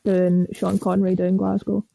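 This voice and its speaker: A woman's voice: mid-range voice, completely flat delivery, normal speed, gravelly, mellow, dry recording. A woman chatting in a film club, lying down and talking into a laptop microphone, her voice muffled. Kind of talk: casual chat.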